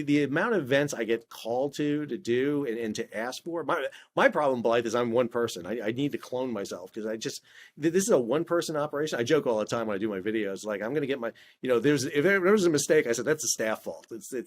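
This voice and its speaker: A man's voice: medium pitch, fast. A middle-aged man, a former ship officer, telling stories in a casual interview, restarting often and acting out dialogue. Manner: animated, many restarts, acts out quoted dialogue. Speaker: guest, maritime expert and video creator.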